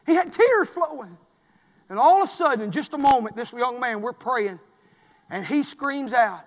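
A man, preaching a sermon as pastor, swinging from quiet murmurs to shouted fervor. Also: extremely high pitch, animated, normal speed. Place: church sanctuary. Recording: long echo of a church sanctuary.

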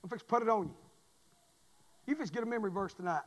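A high-pitched man preaches in a church, his voice trailing off in a long hall reverb. He tells folksy stories and swings from quiet asides up to loud shouted refrains. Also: racing. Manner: folksy, storytelling, rising to shouts. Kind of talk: sermon. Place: church sanctuary.

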